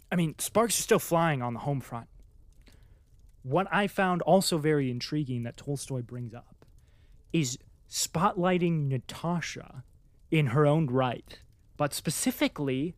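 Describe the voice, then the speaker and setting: A speaker reading a chapter of a classic novel aloud, then chatting about it casually and excitedly, with lots of "like"s and acted-out reactions. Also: medium pitch, no room sound. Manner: excitable, many filler "like"s, acts out its own reactions.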